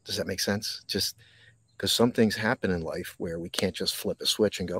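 Man, mindfulness host, live outdoor talk, dry close sound, reflective pauses. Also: low voice, sharp tone, slightly rough, no room sound. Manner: slow, reflective, with dramatic pauses; reads and answers viewer comments. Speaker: podcast host. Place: outdoors in a park.

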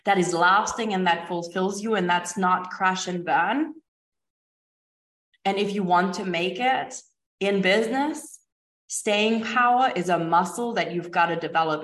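A woman's voice: on the low side, fairly bright tone, recorded from a distance. A woman hosting a motivational business podcast, speaking emphatically and driving home the same rousing questions again and again. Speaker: podcast host and business coach. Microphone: recorded over a video call. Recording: roomy echo with faint music.

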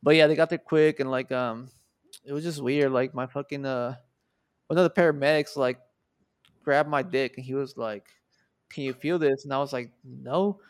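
A man's voice: mid-range voice, moderate pace, smooth, no room sound, studio quality. A man in his twenties, a podcast guest, casually retelling a story with lots of swearing and acted-out quotes. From Mexico. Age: 20s. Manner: profane, animated retelling with quoted dialogue.

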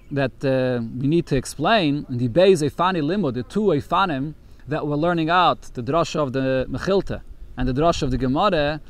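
Man teaching a text lesson, somewhat high. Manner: reads Yiddish text aloud, then explains it in English. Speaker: Torah teacher.

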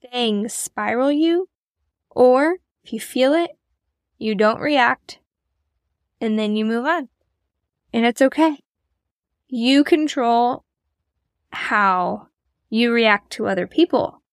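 A woman's voice: fairly high pitch, no echo, clean studio sound. A woman hosting a podcast, talking in a casual, encouraging and self-deprecating way as she motivates her listeners. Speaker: podcast host.

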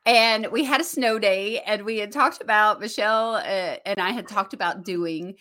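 A woman with a Southern US accent co-hosting a podcast over a video call, animated and teasing, laughing often. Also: mid-range voice, normal speed. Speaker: podcast co-host. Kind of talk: casual chat.

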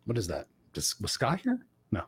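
A middle-aged man co-hosting a casual talk show, telling a story in an animated, profane way and loudly acting out quotes. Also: mid-range voice, normal speed, husky. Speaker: co-host.

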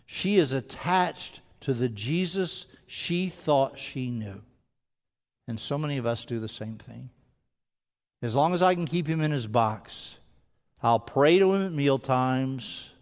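A man's voice: medium pitch, animated, takes it slowly. Stammering male pastor, reverberant sanctuary. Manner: conversational preaching with frequent stammered restarts; rises to intense rhetorical questioning. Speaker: senior pastor. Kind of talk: sermon. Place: large church sanctuary. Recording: long hall reverb from a large sanctuary.

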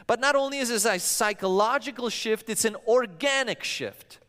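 A male pastor preaches in a high, clear, smooth voice, his words ringing out with a long reverb through a church hall. He tells stories and slips into the voices of the people he quotes. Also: normal speed, bright, forceful tone. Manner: storytelling preacher who acts out quoted voices. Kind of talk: sermon.

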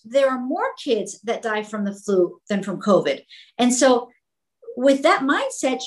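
A school owner with a high-sitting voice answers interview questions passionately. She speaks with emphasis and repeats words when she gets fired up, though the recording quality is low.

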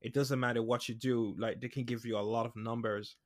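A man co-hosting a casual chat podcast, measured and agreeable, hedging his points with fillers. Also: medium pitch, fairly even intonation. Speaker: podcast co-host.

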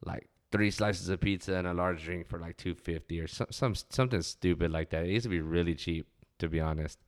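A man's voice: deep voice, brisk. A young man telling laid-back, profane stories from his hometown. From West Texas. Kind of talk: casual storytelling monologue.

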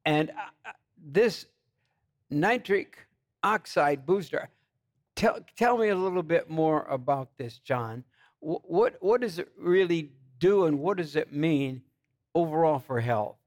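Halting preacherly man hosting a show. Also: on the high side, animated. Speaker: talk show host, pastor. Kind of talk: christian talk show hosting.

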